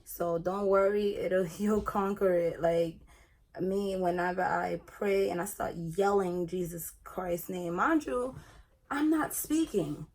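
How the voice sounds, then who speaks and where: A young woman in a casual get-ready-with-me vlog, talking in a chatty, animated way while she does her makeup. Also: fairly low pitch, slow pace. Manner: chatty and animated, retelling her own experience. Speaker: beauty vlogger.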